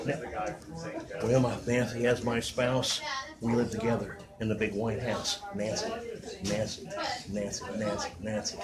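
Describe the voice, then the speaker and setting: A man doing an impression of an old president, speaking low and haltingly, stammering over words. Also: natural voice. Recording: noisy crowd around.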